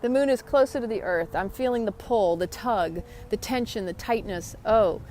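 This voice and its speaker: A woman's voice: mid-range voice, moderate pace, warm tone, slight background noise. Chatty woman hosting a wellness live stream. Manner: chatty, rambling, greets viewers by name. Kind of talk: casual live chat about yoga and wellness.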